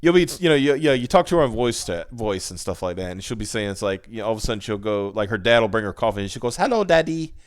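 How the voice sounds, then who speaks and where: A man's voice: fairly low pitch, racing, hardly any pauses, clear, resonant tone. A man hosting a casual live stream, rambling through stories with frequent laughter and restarts. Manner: rambling storyteller, laughs often, restarts sentences. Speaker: podcast host.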